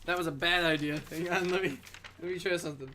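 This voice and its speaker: A woman's voice: fairly low pitch, fairly even intonation, quick pace, fairly bright tone, slight background noise. A young woman hosting a casual livestream, chatting playfully while she draws. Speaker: livestream host. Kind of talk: casual chat while drawing.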